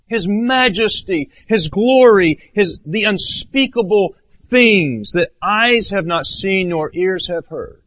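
A man preaching a sermon as pastor, earnest, swinging between raised emphatic phrases and low hushed ones. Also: animated, slow pace.

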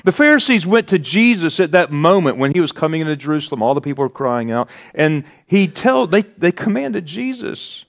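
A man preaching a sermon as pastor, slow and deliberate, rising to emphatic peaks on key words. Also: on the high side, very animated.

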